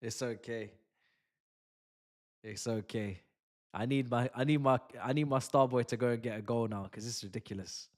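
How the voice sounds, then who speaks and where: A man's voice: medium pitch, steady tone, quick pace, few pauses. A young man chatting through a live football watch-along, full of slang and banter with his chat.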